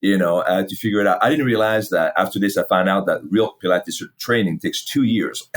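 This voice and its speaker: Middle-aged guy on a podcast, fitness founder, swears a lot, kinda low voice, acts out the back and forth. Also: a little fast. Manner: animated, swears freely, acts out past dialogue. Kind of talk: casual storytelling interview.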